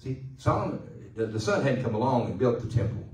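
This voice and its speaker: A male pastor preaching a sermon in a loose, conversational way, joking and pausing for the congregation to answer. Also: mid-range voice, big pitch swings, a little mellow, reverberant, distant mic, low-quality recording. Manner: conversational, joking, with call-and-response. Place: church sanctuary.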